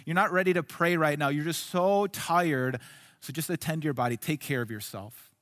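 High-voiced pastor in an echoing hall. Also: male voice, normal speed. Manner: earnest, swings between soft hushed lines and raised emphatic ones. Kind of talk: sermon.

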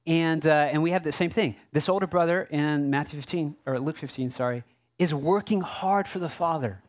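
Higher-voiced man preaching conversationally. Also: moderate pace. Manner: conversational preaching with asides and rhetorical questions. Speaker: pastor. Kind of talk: sermon.

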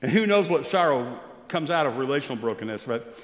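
A man preaching a sermon as pastor, swinging between loud rising exclamations and soft, low storytelling. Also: expressive, fairly quick. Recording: echoey church hall with long reverb.

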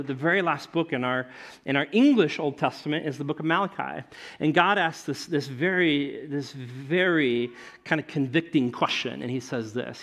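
A man delivers a sermon in a conversational, storytelling way, his voice sitting a little high for a man. He swings his pitch up and down as he preaches and keeps checking in with his listeners. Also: bright, forceful tone. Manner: conversational, keeps asking the congregation "right?". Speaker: pastor.

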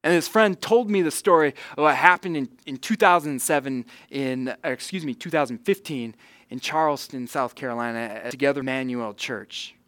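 A man preaching a sermon, earnest, rising loud on key points and dropping soft for quiet emphasis. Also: medium pitch, normal speed, no room sound. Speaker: pastor.

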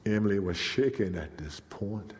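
A male preacher telling a story in a dramatic sermon, swinging from hushed to shouting. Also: fairly low pitch, lively intonation, normal speed. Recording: long reverb in a large hall.

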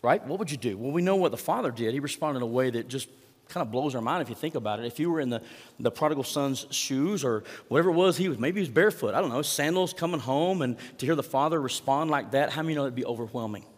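A man's voice: mid-range voice, animated, fast talker, in a large hall. A man preaching a sermon in a conversational way, asking the congregation rhetorical questions. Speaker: pastor.

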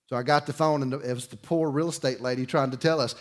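A middle-aged man, preaching a sermon through a folksy personal story, swinging between loud bursts and quiet emphasis. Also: mid-range voice, animated, brisk. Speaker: pastor.

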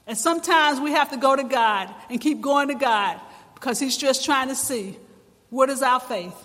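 High-voiced impassioned man preaching. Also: normal speed. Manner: impassioned preaching, rising to shouts. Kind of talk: sermon. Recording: long reverb in a large hall.

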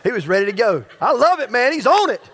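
High-voiced male pastor preaching a sermon. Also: very animated, fast talker, fairly bright tone. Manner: stirring preacher who addresses the congregation directly; repeats and restarts phrases.

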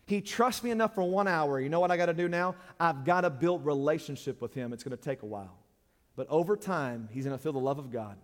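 A man delivering a sermon as a pastor, direct and unsparing in how he speaks. His voice sits a touch high and rises to emphatic peaks before dropping low and quiet. The sound carries a long echo of a church hall. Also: animated, fast talker. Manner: blunt, straightforward preaching that swings from loud to hushed.

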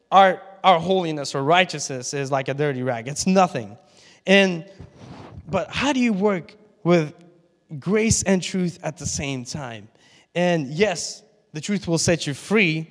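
A man preaching a sermon, leaning on an easy, chatty delivery with little laughs and asides to the congregation. His voice sits a bit higher than most men's. It carries with the long reverb of a church hall. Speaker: pastor.

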